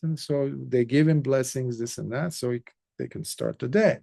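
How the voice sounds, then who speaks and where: A man's voice: medium pitch, moderate pace, gravelly, few pauses, dark tone. A man, a Buddhist monk, telling a story in a conversational dharma talk with casual asides.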